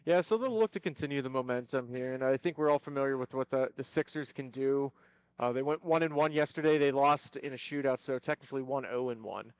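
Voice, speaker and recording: A man's voice: medium pitch, a little fast, smooth, no room sound. A man doing live play-by-play for a youth hockey game at an arena, steadily explaining the teams and calling the action. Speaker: play-by-play commentator. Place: ice arena broadcast.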